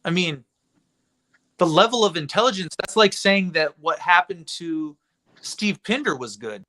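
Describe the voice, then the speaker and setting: A man hosting a livestream, talking in a rambling, indignant, animated way. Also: high voice, a little slow. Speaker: livestream host. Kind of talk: casual livestream chat.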